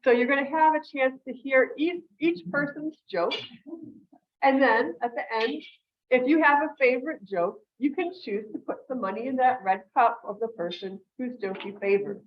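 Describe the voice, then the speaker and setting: A woman's voice: sits high, normal speed, dull audio, slight background noise. A woman club president hosting a meeting on a video call, upbeat and explanatory with fillers. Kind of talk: meeting announcements.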